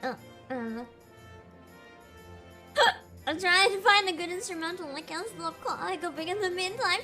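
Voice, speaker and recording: A young woman streaming a game from home, with a very high voice that bounces around as she giggles and swears in excitement. Her talk runs unhurried between outbursts, and game music sits clearly behind her. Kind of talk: casual live-stream gaming chat. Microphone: desk mic with headphones.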